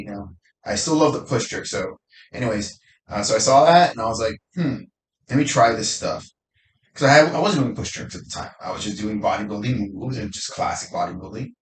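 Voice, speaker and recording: A man, a fitness coach, telling stories in a loose, casual, sometimes profane way. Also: fairly low pitch. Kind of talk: casual conversation. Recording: echoey room, faint noise.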